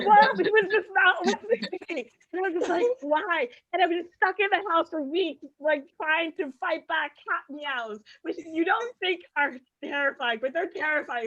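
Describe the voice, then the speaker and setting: A high-pitched woman works through a stand-up set with dry sarcasm. She keeps the tone loose and chatty and checks in with "right?" as she goes. The recording comes across dull and muffled. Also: a little fast, hardly any pauses, bright, forceful tone. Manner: sarcastic, conversational, peppered with "like" and "right?". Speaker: stand-up comedian. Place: comedy show stage.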